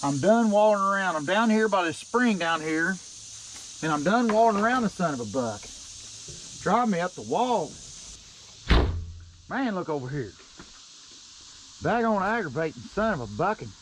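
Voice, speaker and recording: A man's voice: sits high, sing-song, normal speed, pauses often. Grumbling logger man outdoors. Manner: grumbling, cussing under his breath, folksy. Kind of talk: casual talk to camera while working. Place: steep wooded hillside outdoors. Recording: outdoor noise, chainsaw and insects.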